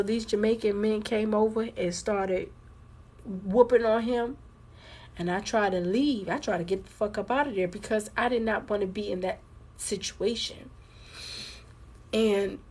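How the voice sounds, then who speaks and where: Livestream host: a husky-voiced woman telling her viewers a personal story, candid and conversational. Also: medium pitch. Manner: candid, conversational, addresses viewers as girl and y'all.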